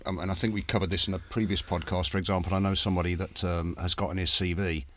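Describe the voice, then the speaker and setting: Deep-voiced man, stammering chat. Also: flat delivery, quick pace. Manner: stammers, repeats words often. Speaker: podcast co-host, actor. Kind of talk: casual chat.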